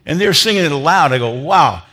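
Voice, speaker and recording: A man preaching a sermon, telling a story with lively rises in energy and dropping to a low, earnest tone to make his point. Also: rapid-fire. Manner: animated storyteller, grows loud and high when excited, then drops to a low earnest tone. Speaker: pastor.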